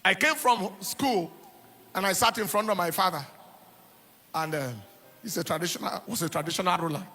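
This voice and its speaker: A man's voice: high-pitched, normal speed, long pauses, sharp tone, faint music behind. A middle-aged man preaching a sermon, telling personal stories with emphatic repetition and laughter. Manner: emphatic, repeats words and phrases. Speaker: pastor.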